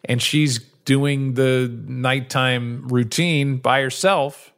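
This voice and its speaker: A middle-aged man talks casually as a podcast co-host. He rambles through his stories and slips into quick impressions when he quotes people. His pitch sits at a middle level. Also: fairly even intonation, a bit bright, clean tone. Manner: rambling storyteller, acts out quotes. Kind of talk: casual chat.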